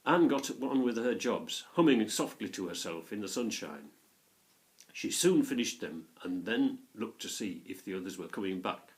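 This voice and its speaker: A man reading a children's story aloud in an expressive storytelling manner. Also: on the low side, moderate pace. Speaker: narrator.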